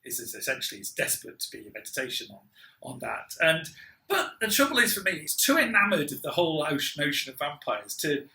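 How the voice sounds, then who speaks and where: A man co-hosts a casual chat about a film, rambling and restarting as he goes. His voice is high and very bright, with a lively, swooping pitch. The room around him is echoey. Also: fast talker. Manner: rambling, lots of restarts, laughs often. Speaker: podcast co-host.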